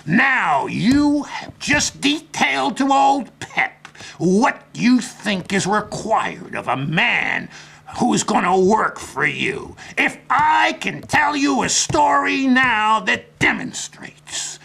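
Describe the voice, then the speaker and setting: A man playing a boastful older salesman in a comic monologue, ranting in a bombastic, folksy way that swings from mutters to shouts. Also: high-pitched, unhurried, creaky, full character voice. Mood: salesy. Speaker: comedic character monologue.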